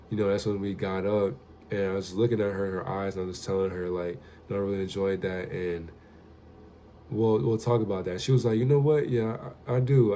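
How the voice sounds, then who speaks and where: A man's voice: on the low side, warm tone, a little hiss or hum. A young man telling a casual, profane story straight to the camera as a vlogger. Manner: loose, profane, conversational storytelling.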